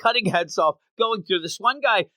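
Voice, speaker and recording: A man co-hosting a podcast, chatting casually and acting out quoted lines in quick voices. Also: sits high, pushed and bright, dry recording. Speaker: podcast co-host. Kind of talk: casual chat recapping a manga chapter.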